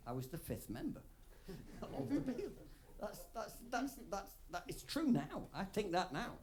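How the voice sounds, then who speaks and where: A drunk singer-songwriter performing live rambles through a profane story between songs, laughing between phrases. His high, very animated voice is unhurried, captured through a stage vocal mic on a soundboard feed, with crowd noise around him.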